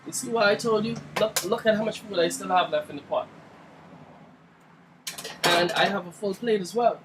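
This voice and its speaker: A man's voice: sits high, normal speed, pauses often, background noise. A man casually talking through a cooking vlog in his home kitchen, joking and playful and speaking straight to the viewer. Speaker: cooking vlogger.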